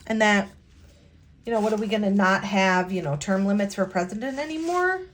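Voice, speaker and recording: An American woman chats casually while decorating her planner for her vlog, her mid-range voice expressive. She talks haltingly and hesitantly, with sighs and restarts, in a sincere, heartfelt way.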